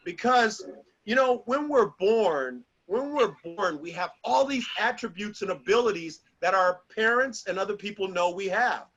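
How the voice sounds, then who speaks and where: At a moderate pace, a middle-aged man with a distinctly high, bright voice gives a small group a motivational talk full of animated, acted-out stories. The sound is lo-fi, with slight background noise.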